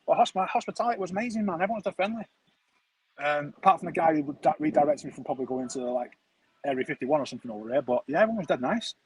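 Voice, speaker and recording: Fast-talking husky man. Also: a little high, animated, no echo, poor audio. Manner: rambling, chatty, with slang and restarts. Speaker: football streamer. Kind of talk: casual storytelling chat.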